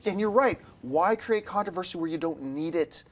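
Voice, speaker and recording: A man hosting a casual movie panel discussion, animated and exasperated, with his pitch jumping high when he gets excited. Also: moderate pace. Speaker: show host.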